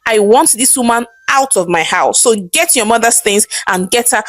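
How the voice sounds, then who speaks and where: Woman doing a snooty young nigerian mistress, high and cool. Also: moderate pace, no echo, natural voice. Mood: cold. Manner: disdainful, calm. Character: haughty young mistress, cold and demanding.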